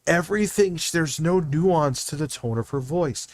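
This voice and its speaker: Loud middle-aged male streamer; casual swearing commentary, dead-dry desk mic. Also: on the high side, moderate pace, no echo. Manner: loud, animated, swearing freely. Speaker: streamer reacting to videos.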